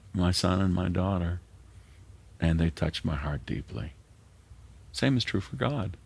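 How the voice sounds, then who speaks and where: Gravelly low-voiced older male pastor. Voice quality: gravelly, husky voice. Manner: earnest, drops to a soft near-whisper for emphasis. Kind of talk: sermon.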